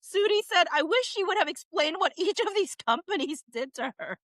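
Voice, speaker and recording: A woman's voice: extremely high pitch, lively intonation, moderate pace, a bit bright, no echo, rough recording. A young woman giving casual live-stream commentary, reading chat comments and laughing often in incredulous disbelief.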